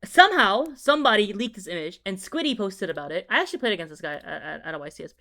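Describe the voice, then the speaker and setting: A young man tells a story in a loose, rambling way, swearing freely and tripping over his own words. He drifts between quiet muttering and loud, excited bursts. It sounds like a casual talk recorded at a desk while he draws. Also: sits high, fast, hardly any pauses. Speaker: video creator.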